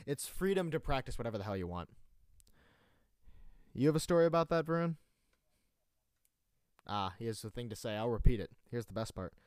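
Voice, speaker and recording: A man's voice: medium pitch, big pitch swings, a little fast, long pauses, a little mellow, dry recording, studio quality. A young man from North Carolina hosting a casual live stream show, rambling, joking and laughing often as he passes on what a friend on a call says. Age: young adult.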